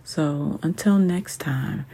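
A podcast host talking alone to listeners in a soft, halting way, full of "you know" fillers. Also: mid-range voice, slightly rough. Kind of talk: solo podcast talk.

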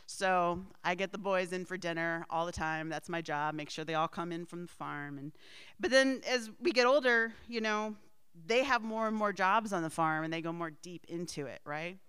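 A woman's voice: on the low side, moderate pace, a bit bright, clear, resonant tone. A middle-aged woman telling a personal family story in a rambling way, with asides and frequent laughs.

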